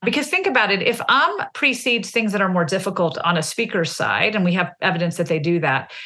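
A woman in her forties, a linguist, giving animated explanations in an interview and acting out example phrases. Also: medium pitch. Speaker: linguist guest.

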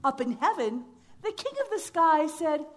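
Animated high-voiced woman telling a folktale. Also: moderate pace, slight background noise. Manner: animated, sound effects and playful asides. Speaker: storyteller. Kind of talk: lively oral storytelling for families.

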